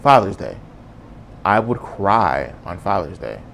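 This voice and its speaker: A man hosts a solo podcast, talking alone in an earnest, casual, reflective way. His voice is low-pitched and creaky with big pitch swings, a slow pace, and a fairly bright tone, over a little hiss or hum.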